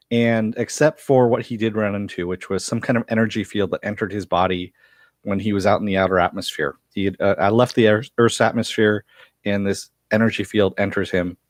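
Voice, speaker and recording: Male reviewer, lower register, dry close sound, casual rambling recap. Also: moderate pace, no echo. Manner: chatty, loose retelling with frequent uh fillers and mild profanity. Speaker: TV series reviewer.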